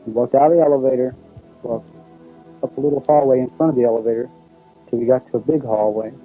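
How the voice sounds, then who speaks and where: A man's voice: mid-range voice, fairly even intonation, quick pace, phone-quality sound, faint music behind. A middle-aged man telling a personal story in a rambling, folksy way, acting out what others said to him. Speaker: abduction witness.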